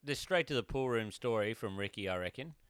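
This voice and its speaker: A man's voice: lowish voice, lively intonation, a little fast, fairly bright tone, clear, resonant tone, no echo. A man co-hosting a podcast, telling an anecdote casually and acting out the people in it. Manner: tells anecdotes, acts out quoted voices, many yeahs. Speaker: podcast co-host. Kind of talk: casual storytelling.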